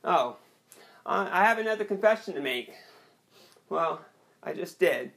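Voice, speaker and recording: A young man performing an awkward, rambling stand-up set with a hesitant, deadpan delivery and many restarts. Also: high voice, normal speed, gravelly. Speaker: stand-up comedian.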